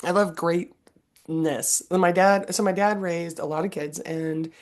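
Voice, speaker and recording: A woman in her fifties hosting a podcast, chatting casually and telling animated stories with frequent laughter. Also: on the low side, a little slow. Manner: animated storyteller, laughs often. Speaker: podcast host. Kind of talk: casual interview chat.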